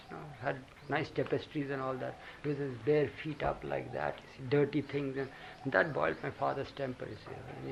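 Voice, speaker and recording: A man's voice: medium pitch, creaky. An older man with an Indian English accent, reminiscing in casual talk and chuckling through his stories. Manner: chuckling, animated storytelling with acted quotes. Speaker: storyteller recounting memories. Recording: dull lo-fi 1980 tape with hiss.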